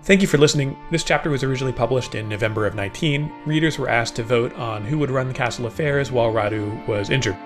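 A man narrating a serialized story in a steady, measured reading voice. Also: medium pitch, music in the background. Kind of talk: scripted audiobook narration.

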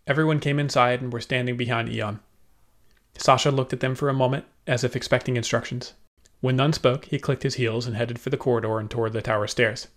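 A man narrating an audiobook with steady storytelling. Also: medium pitch, a little fast.

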